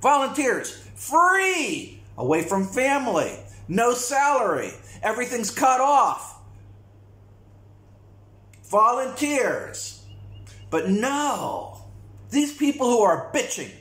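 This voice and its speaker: A man's voice: very high voice, very animated, slow, pushed and bright. A man delivering a blunt, repetitive, profane rant to camera as a vlogger. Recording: echoey room.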